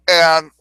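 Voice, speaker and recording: A man's voice: bright, forceful tone, no room sound, low-quality recording. A man hosting a livestream, telling a rambling, crude story in a casual way, often laughing and swearing. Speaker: livestream host.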